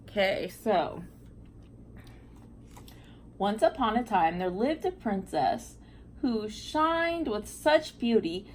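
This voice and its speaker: A woman's voice: medium pitch, slight background noise. A woman reading fairy tales aloud to viewers, breaking off for chatty asides and reactions. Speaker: storyteller.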